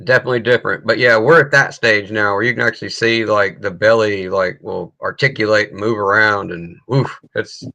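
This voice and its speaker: A man's voice: lowish voice, steady tone, a little fast, gravelly, few pauses, bright, forceful tone. A man hosting a casual livestream chat, laid-back and swearing freely as he tells stories. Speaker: livestream host. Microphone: video call setup.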